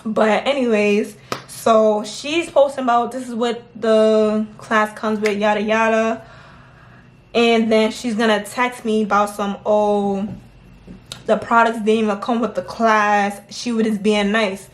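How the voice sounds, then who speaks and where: A woman telling a story in casual chat, animated and laughing as she acts out what others said. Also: a little high, unhurried, slight background noise. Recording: echoey room.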